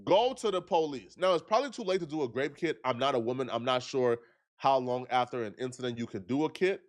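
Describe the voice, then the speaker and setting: A man's voice: mid-range voice, expressive, fast talker. A man giving earnest, argumentative commentary, repeating himself to press his points.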